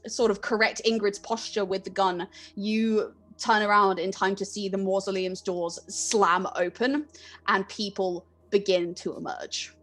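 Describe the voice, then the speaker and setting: A woman's voice: mid-range voice, fairly even intonation, unhurried, a bit bright. A young adult woman narrating a tabletop horror game as game master, vivid and descriptive, with frequent ums.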